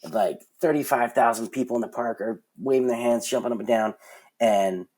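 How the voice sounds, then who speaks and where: A man in his forties talks as a podcast guest, frank and rambling. His voice sits at a middling pitch. He circles back with fillers and restarts as the stories pour out. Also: normal speed, a little mellow. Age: 40s. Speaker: guest, concert production manager. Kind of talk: casual storytelling in a podcast interview.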